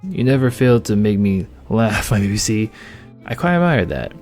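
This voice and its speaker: A man's voice: on the low side, very animated, moderate pace, a little mellow, soft background music. A man reading as Violet, a sweet cheerful baker girl. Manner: playful, enthusiastic, polite.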